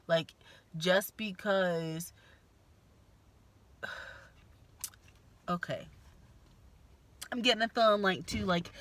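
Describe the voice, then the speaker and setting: A woman's voice: fairly low pitch, a bit bright. A woman giving a casual spoken tarot reading, frank and blunt, swearing freely and sighing between thoughts. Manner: frank, blunt and profane, with sighs and laughs. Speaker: tarot reader.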